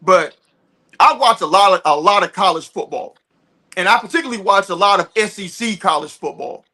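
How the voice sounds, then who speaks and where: Man, bright high voice, wry, laid-back, slangy sports talk. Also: brisk. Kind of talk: casual sports chat.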